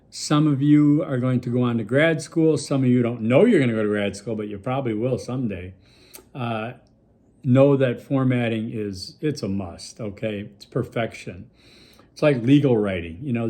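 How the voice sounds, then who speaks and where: A man's voice: medium pitch, darkish tone. Guy from milwaukee talking to his class on video, laid back, lots of ums and okays. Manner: casual, rambling, lots of fillers and check-ins. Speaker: college instructor. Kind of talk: recorded video lecture.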